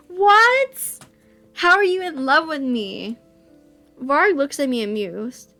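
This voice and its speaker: A woman reading a visual novel aloud, emotional and quick to burst into excited reactions. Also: high-pitched, soft background music.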